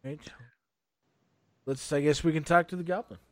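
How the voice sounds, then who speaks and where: A man's voice: a little high, fairly even intonation, normal speed, darkish tone, dry recording, studio quality. A man playing a tabletop game, bantering and laughing a lot with the others. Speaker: player. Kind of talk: casual tabletop game play.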